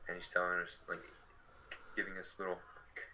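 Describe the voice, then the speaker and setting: A young man in his late teens retells a story in a loose, chatty way, leaning on fillers as he goes. His voice sits low but has a very bright, sharp edge. Faint noise hums in the background. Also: completely flat delivery, brisk, low-quality recording. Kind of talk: casual storytelling.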